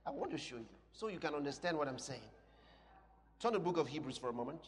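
A man preaching a sermon with passion, swinging between loud shouts and quieter asides. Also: a little high, expressive, quick pace, slightly rough. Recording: long hall reverb.

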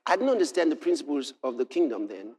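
High-voiced, animated male preacher. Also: fast, slightly rough. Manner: impassioned preaching that builds to shouts; storytelling with scripture readings. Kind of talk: sermon.

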